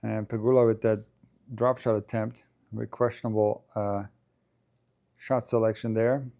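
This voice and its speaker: A man hosts a casual live stream, calling a tennis match shot by shot. His voice is mellow and warm, and his chatty delivery lifts at the big points. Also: lowish voice, moderate pace, gravelly. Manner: chatty play-by-play, rising in excitement at big points. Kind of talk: casual live watchalong commentary.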